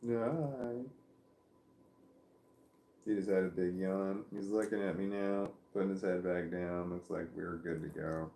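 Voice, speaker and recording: A man with a low, gravelly voice rambles to his viewers in a loose, self-interrupting way. He is sitting at home, caught on a phone on a stand in an echoey room with a faint hiss of noise behind him. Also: steady tone, a little slow, long pauses, dark tone. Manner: meandering, self-interrupting, talking to viewers about his dog. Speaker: vlogger. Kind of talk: rambling casual livestream chat. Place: at home, seated with dog on his legs. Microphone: phone or camera on a stand.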